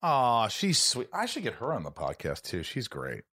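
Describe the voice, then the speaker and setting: A man's voice: medium pitch, huge pitch swings, normal speed, pushed and bright. A man hosting a podcast, asking curious questions and laughing along in casual interview chat. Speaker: podcast host.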